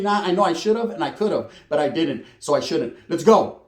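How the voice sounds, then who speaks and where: A man's voice: a little high, big pitch swings, brisk, echoey room. A man telling a prison story in casual slangy street talk with Spanish words, acting out the other people's lines.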